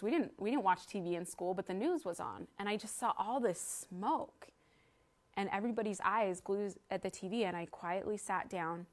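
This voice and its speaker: Woman, thirties, live audience talk, earnest storyteller, medium voice. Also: medium pitch. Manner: earnest, storytelling, guides the audience through an exercise. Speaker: speaker at a library event.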